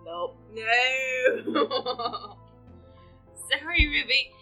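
A woman's voice: sits high, expressive, moderate pace, pushed and bright, soft background music. A woman playing a tabletop game, soothing and giggly in character. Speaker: player. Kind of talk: casual in-character role-play.

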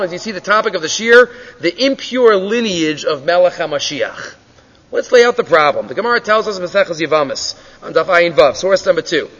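Animated high-voiced man teaching a Torah class. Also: long reverb tail, highs cut off. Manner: storytelling, asks and answers his own questions; mixes Hebrew and Yiddish terms into English.

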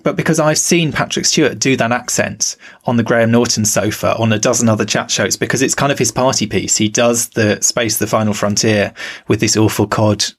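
Gravelly man musing over a TV episode. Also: fairly low pitch, a little fast. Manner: musing, self-questioning, many restarts. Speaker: podcast co-host. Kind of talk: casual critical discussion.

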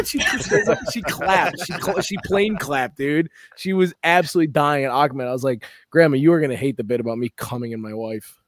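Animated young man telling funny stories. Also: fairly high pitch, moderate pace, no echo, studio quality. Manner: animated storytelling, acts out quotes. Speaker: podcast co-host. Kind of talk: casual comedic chat.

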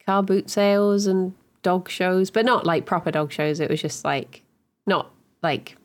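A woman's voice: lowish voice, fairly even intonation, a little slow. A woman from Hertfordshire, co-hosting a podcast and rambling through stories with lots of giggles. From Hertfordshire, England. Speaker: podcast co-host. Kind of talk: casual chat.

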